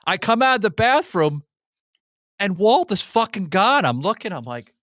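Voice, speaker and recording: A man hosting a casual podcast, telling a story in a profane and animated way. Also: high-pitched, moderate pace, no echo. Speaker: host.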